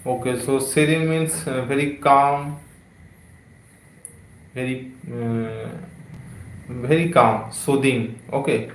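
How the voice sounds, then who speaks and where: Male English tutor, live stream, slow and repetitive, echoey room, mid pitch. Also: steady tone, slight background noise. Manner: slow, repeats words, many "okay" and "uh" fillers. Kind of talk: live-streamed vocabulary lesson.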